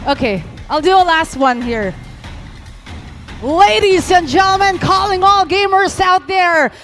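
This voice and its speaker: A woman with a Filipino accent, hosting a live auction at an event, calling bids in an energetic, playful way. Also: extremely high pitch. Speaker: auctioneer host. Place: live esports event venue.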